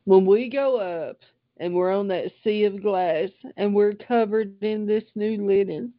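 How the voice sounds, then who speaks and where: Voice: mid-range voice, measured pace, no room sound, narrow, tinny audio. An older Bible teacher reading scripture aloud and stopping often for heartfelt asides.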